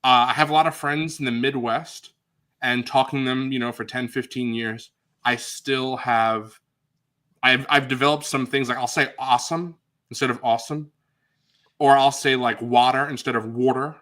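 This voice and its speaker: A man's voice: medium pitch, level tone, normal speed, pushed and bright. A man with a New York accent co-hosting a casual livestream chat, rambling and joking. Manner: rambling, jokey. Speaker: co-host.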